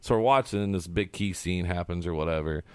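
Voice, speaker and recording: Male podcast co-host, brisk casual chatter, animated anecdotes. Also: low voice, clear, resonant tone, no echo. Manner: animated storyteller, acts out quotes loudly.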